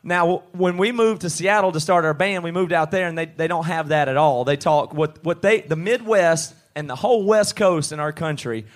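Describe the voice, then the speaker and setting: A man with a Southern US accent, co-hosting a live podcast in a pub and riffing in an animated, ranting way. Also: fairly high pitch, moderate pace, hardly any pauses. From southeastern United States. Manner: animated, ranting comic riff. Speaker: podcast co-host. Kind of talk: live podcast banter in front of a crowd. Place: pub stage. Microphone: handheld mic.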